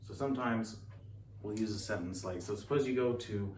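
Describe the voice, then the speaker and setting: A man giving a relaxed, chatty recorded lesson, often pausing and correcting himself. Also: fairly low pitch. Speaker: teacher. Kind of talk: casual recorded lecture. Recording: echoey room, distant mic, faint hiss.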